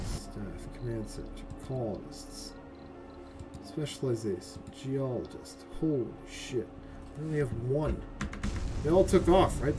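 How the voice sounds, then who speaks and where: Man streaming a game, chatty, profane, swooping lively pitch, music playing behind. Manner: profane, excitable, talks to chat, keeps asking "right?". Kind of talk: casual live game commentary.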